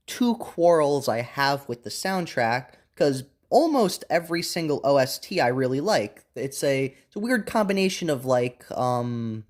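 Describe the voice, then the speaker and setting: A young man giving a casual, unscripted anime review, rambling with many restarts and fillers. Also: medium pitch.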